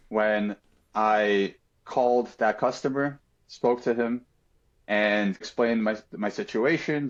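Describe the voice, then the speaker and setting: Guy with a low-ish voice telling a personal story on a podcast, earnest, kinda dull lo-fi sound. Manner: reflective, earnest, with frequent fillers.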